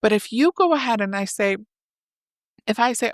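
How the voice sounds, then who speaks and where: A woman psychotherapist, a podcast guest, explaining relationship ideas in a lively way and acting out example lines. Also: fairly high pitch, moderate pace, dry recording, clean studio sound. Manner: animated, acts out example dialogues. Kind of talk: explanatory interview talk.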